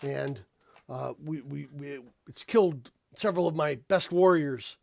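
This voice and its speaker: A man voicing a gruff male deep gnome clan leader who speaks haltingly with many pauses. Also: no room sound, studio quality. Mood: wary. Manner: hesitant, halting speech.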